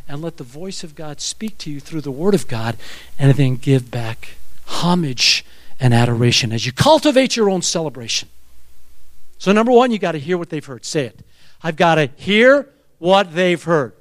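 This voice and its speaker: A man's voice: a little high, big pitch swings, normal speed. A man preaching a sermon, telling stories with animation and leading the congregation in call-and-response.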